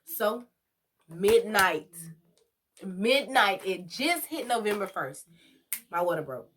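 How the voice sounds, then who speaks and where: A woman's voice: mid-range voice, sing-song, unhurried, slight background noise. A young woman telling a personal story in a casual vlog, chatty and talking straight to her viewers. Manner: chatty, addresses viewers directly. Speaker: vlogger.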